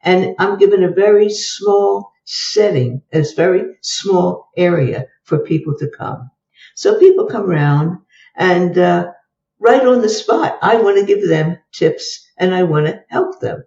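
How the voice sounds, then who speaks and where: An older woman guest tells case stories and acts out both sides of each exchange in a lively way. Her voice is warm and dark. It sounds dull and roomy, as if she sat back from the microphone. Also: lowish voice, measured pace, vocal fry, recorded from a distance, a little hiss or hum. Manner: lively storyteller who acts out the dialogue. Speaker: guest psychologist. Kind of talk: telling case stories in an interview.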